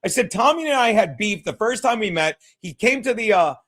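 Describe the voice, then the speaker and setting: A man with a very high-pitched voice hosts a casual talk show. He rambles through anecdotes, swears freely and acts out other people's lines. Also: lively intonation, a little fast, fairly bright tone. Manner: profane, ranting, acts out quotes. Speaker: podcast host. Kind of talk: casual storytelling chat.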